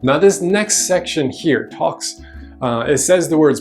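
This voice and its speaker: A man's voice: a little high, lively intonation, unhurried, darkish tone, faint music behind. A man, a pastor, giving a conversational sermon in a church, explaining scripture casually with fillers and restarts.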